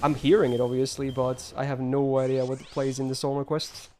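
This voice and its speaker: A man's voice: medium pitch, flat delivery, brisk, mellow, a little hiss or hum. A man streaming a game live, ranting emphatically and answering his chat.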